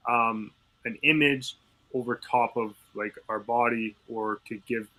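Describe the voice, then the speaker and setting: Halting man with a bright, tense voice. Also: on the low side. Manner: halting, searching for words. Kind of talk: casual podcast chat.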